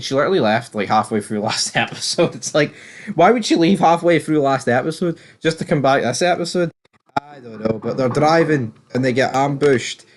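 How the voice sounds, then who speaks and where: A British man giving a casual, rambling and opinionated recap of a TV episode, swearing freely as he goes. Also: mid-range voice. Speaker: TV series reviewer.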